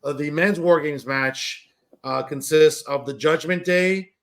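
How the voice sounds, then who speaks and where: A man's voice: fairly high pitch, fairly even intonation, a little slow. A man co-hosting a wrestling podcast, running through the card in rambling casual chat. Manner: rambling, full of "uh" and "you know". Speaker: podcast co-host.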